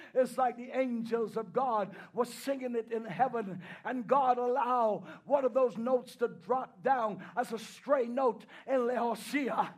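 A man preaching in a very high voice at a slow, drawn-out pace. He swings from quiet pleading to loud shouted declarations and fills the pauses with rhythmic hallelujahs and amens. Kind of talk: sermon.

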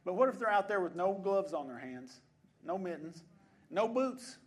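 A man's voice: sits high, sing-song, moderate pace. A male preacher giving a sermon in a church, repeating phrases and asking rhetorical questions. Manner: repetitive, soft then building, rhetorical questions.

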